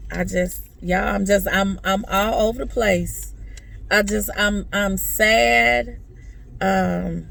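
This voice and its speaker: A woman's voice: medium pitch, vocal fry, a bit bright. A middle-aged woman talking as a mother in an emotional personal vlog, earnest and preachy, restarting and repeating herself often, speaking from a parked car. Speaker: vlogger and mother.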